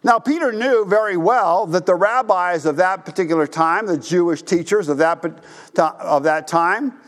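A man with a fairly high voice delivers a sermon as pastor. He tells the story with animated emphasis, swinging his delivery and slipping into the voices of the people in it. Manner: animated, acts out characters' voices.

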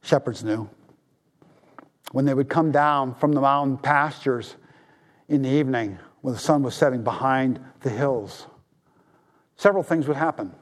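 A man preaching a sermon as pastor, swinging from raised appeals down to hushed, low tones for emphasis.

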